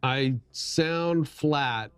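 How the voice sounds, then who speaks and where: A man's voice: on the high side, very slow, fairly bright tone, clear, resonant tone, no echo. A middle-aged man hosting a casual livestream chat, rambling and poking fun at himself, with lots of restarts. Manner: rambling, self-deprecating, many restarts. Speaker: livestream host.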